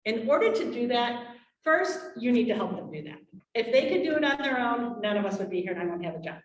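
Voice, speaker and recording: Woman workshop presenter, animated, heard from afar in an echoey meeting room. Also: on the high side, fairly quick, lo-fi sound. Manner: animated, acts out parent and child quotes. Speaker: presenter on trauma for parents. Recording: roomy, from far off.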